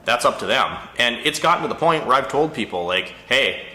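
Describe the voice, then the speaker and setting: Brief: male mechanic, exasperated casual rant, bright forceful tone, echoey shop sound. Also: medium pitch, a little fast. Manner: exasperated, storytelling, animated retelling. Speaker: auto mechanic and shop owner. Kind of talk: casual ranting monologue.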